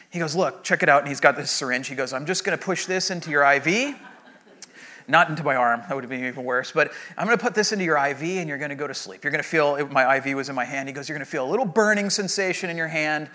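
A male pastor telling a personal story in a sermon, animated and acting out the people in it. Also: high-pitched.

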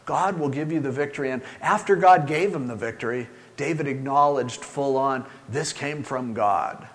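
An older man preaching a sermon as pastor, urging his listeners and swinging from loud pushes to hushed, low lines. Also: moderate pace.

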